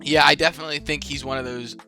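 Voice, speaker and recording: A man's voice: fairly high pitch, steady tone, fast, vocal fry, sharp tone, faint music behind. A young man giving casual, slangy commentary as a channel host, rambling, swearing freely and laughing at his own jokes. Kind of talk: casual tier-list commentary.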